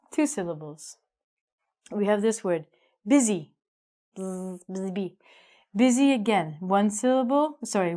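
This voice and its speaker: A woman teaching an English grammar lesson, upbeat and emphatic, slowing down to stress key words. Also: medium pitch, a little mellow.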